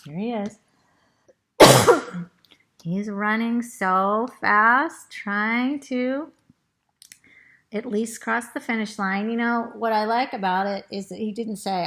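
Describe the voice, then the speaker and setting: A woman with a throat tickle reading a storybook aloud to children, pausing to point at pictures and ask them questions. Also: medium pitch, fairly bright tone.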